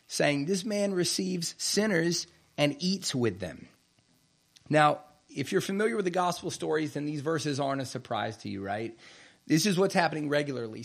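A man's voice: fairly high pitch, gravelly. A middle-aged male pastor preaching a sermon in a conversational way, tossing in rhetorical asides to the congregation.

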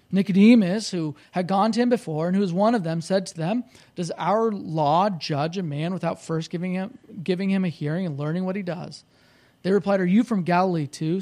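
A man pastor preaching a sermon, animated and conversational, rising loud when he voices the crowd. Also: high voice. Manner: conversational, with restarts.

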